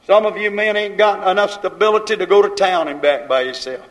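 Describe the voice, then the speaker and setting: A man's voice: high-pitched, fairly quick, a bit bright, low-quality recording. A man preaching a fiery sermon, scolding his congregation in rhythmic, repeated phrases and folksy grammar.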